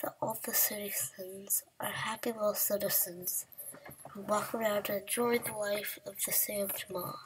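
A woman's voice: medium pitch, flat delivery, normal speed, slight background noise, low-quality recording. A woman improvising a children's story, often dropping to a whisper and stumbling over her words.

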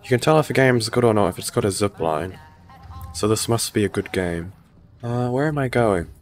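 A fairly low-voiced male gaming YouTuber does a let's-play while a little sick, giving casual, expressive running commentary at normal speed. He's joking and sarcastic, swears often, and there's faint music behind him.

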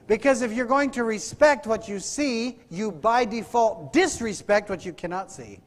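A man's voice: high voice, normal speed. A man preaching a sermon in a church, asking the congregation rhetorical questions and calling for amens. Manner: rhetorical questions, calls for amen. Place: church sanctuary. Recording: hall reverb.

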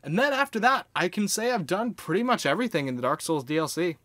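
A man giving casual gameplay commentary in an excitable, exclamatory way, swearing freely. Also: high-pitched, fast talker, no echo. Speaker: video game let's-player.

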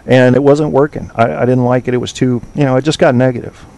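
A man's voice: medium pitch, steady tone, fast talker, creaky, warm tone. A man hosting an online talk show, chatting casually with listeners, rambling, swearing and trailing off while he hunts for names. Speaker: podcast host.

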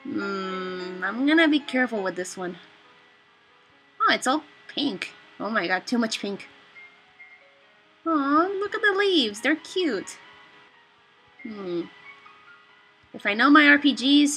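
Excitable young woman gaming. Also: on the high side, slow, long pauses, soft background music. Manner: excitable, animated reactions. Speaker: gamer. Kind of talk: let's play commentary.

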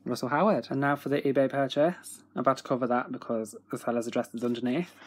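A young man with a freely swearing, excitable manner, chatting casually at home in a video diary. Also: medium pitch, fast talker. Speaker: autograph collector vlogger.

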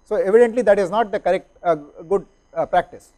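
A man's voice: high-pitched, fairly quick, warm tone. A man, lecturing and answering questions, explaining step by step and often checking understanding with "right?" and "okay?".

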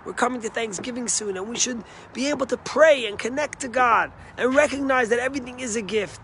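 A male rabbi giving a short sermon, telling stories in an earnest way and dropping soft and low for quoted lines. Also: a little fast, a little hiss or hum.

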